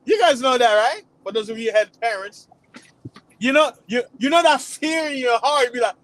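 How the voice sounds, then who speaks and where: A man's voice: extremely high pitch, expressive, fairly quick, a bit bright, no echo, poor audio. A man delivering a preachy religious warning monologue to his channel, repeating himself and rising to emphatic peaks. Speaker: channel host.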